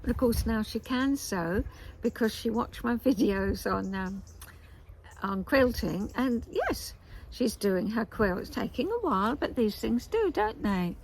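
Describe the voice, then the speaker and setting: Slow-talking chatty older woman. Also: on the high side, lively intonation, darkish tone, a little hiss or hum, poor audio. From England. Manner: chatty and meandering, with asides and pauses. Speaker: knitting vlog host. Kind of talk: casual chat to camera. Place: garden, outdoors.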